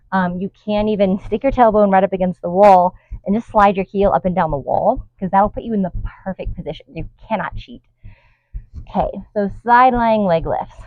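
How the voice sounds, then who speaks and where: A woman's voice: medium pitch, no echo, phone-quality sound. A woman leading a guided workout outdoors, counting reps and coaching with light laughs. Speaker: fitness instructor. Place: outdoors in the wind.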